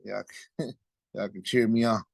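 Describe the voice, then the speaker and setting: A man who runs his own business, talking casually in a group discussion with a relaxed, informal manner. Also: on the low side, a little slow, vocal fry, no echo. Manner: relaxed, informal, frequent fillers. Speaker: business owner participant.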